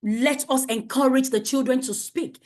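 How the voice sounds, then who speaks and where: A woman's voice: high voice, normal speed, darkish tone. A woman leading a safeguarding training for teachers, speaking emphatically and asking many rhetorical questions.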